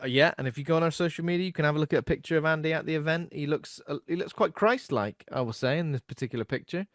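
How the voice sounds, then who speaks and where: A man's voice: on the high side, fairly bright tone, no room sound, studio quality. A man co-hosting a horror podcast, joking and teasing in casual chat. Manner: jokey, quick to quote and tease. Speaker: podcast co-host.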